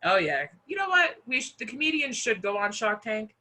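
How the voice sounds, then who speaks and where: Young woman, host, casual chat, bright tone, giggly, animated storytelling. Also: fairly high pitch, brisk.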